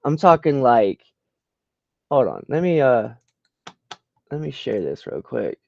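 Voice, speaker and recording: A man casually talking through a screen-share, slangy and profane, reacting with loud disbelief to what he finds. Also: medium pitch, sing-song, slow, gravelly, no echo. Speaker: vlogger browsing trending searches. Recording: dull lo-fi dry sound.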